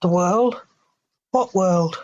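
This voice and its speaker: A woman's voice: fairly low pitch, extremely slow, darkish tone, muffled recording. A woman voicing a baffled, impatient young man in a plain reading voice. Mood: puzzled.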